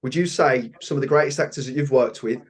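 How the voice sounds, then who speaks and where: A man's voice: mid-range voice, fast. A British man hosting a podcast interview, talking with enthusiasm and repeating phrases for emphasis. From Britain. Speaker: podcast host. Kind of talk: casual interview chat.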